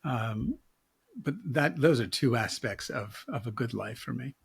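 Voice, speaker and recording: A man in his seventies, a rabbi, talks through ideas in a relaxed, reflective way. His voice is somewhat husky, and he chuckles and jokes as he goes. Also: medium pitch, measured pace. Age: 70s. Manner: reflective, wry, chuckles often. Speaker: rabbi and guest. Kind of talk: casual conversation.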